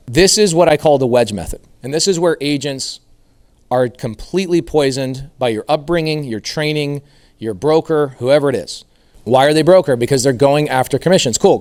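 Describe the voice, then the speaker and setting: Energetic man telling a story to a crowd. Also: medium pitch. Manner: storytelling, acts out quoted voices, addresses the crowd directly. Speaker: real estate investor speaking to agents. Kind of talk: energetic stage talk with acted-out dialogue. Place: event room with a live audience.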